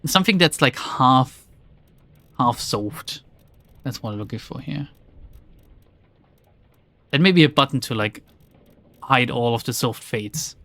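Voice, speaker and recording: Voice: mid-range voice, lively intonation, slow, long pauses, a bit bright, no room sound. A streamer giving casual let's play commentary in an exasperated, sarcastic tone, often swearing.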